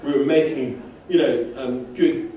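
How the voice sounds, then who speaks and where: Man from England, sermon, dark mellow tone, distant mic, echoey church hall. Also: mid-range voice, fairly even intonation, measured pace, slight background noise. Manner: conversational storytelling with self-deprecating humor. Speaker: preacher.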